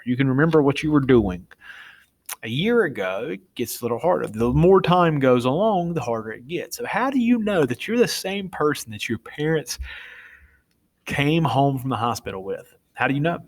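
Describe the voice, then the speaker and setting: Casual male teacher, young adult, mid-pitched, informal, self-correcting lecture delivery. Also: very animated, brisk.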